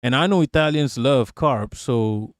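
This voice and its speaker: A man hosting a live stream in loose, casual chat, joking crudely and calling out viewers by name. His voice sits at an ordinary middle pitch. It sounds dry and close, with no room echo. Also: measured pace.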